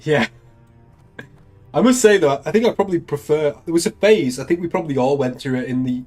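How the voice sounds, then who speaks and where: A man's voice: fairly high pitch, a little fast, darkish tone, faint music behind. Chatty sweary English guy streaming. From England. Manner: swears a lot, laughs often, chatty and opinionated. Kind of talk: casual chat.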